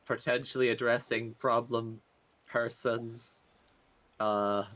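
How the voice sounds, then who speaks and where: A man's voice: mid-range voice, level tone, takes it slowly, fairly bright tone. Easygoing man at a tabletop game. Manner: easygoing, trailing off with ums. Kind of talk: casual chat.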